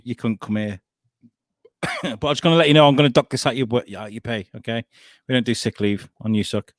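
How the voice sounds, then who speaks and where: A man's voice: medium pitch, no room sound, clean studio sound. A young man hosting a comedy podcast, bantering casually, swearing freely and laughing often.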